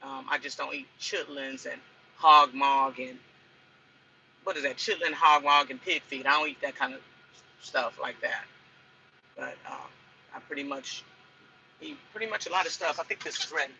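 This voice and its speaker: A woman's voice: rumbling low, normal speed, pauses often, pushed and bright, a little hiss or hum, rough recording. A woman truck driver chatting in a casual cooking vlog from inside her truck cab. She rambles and repeats herself as she talks.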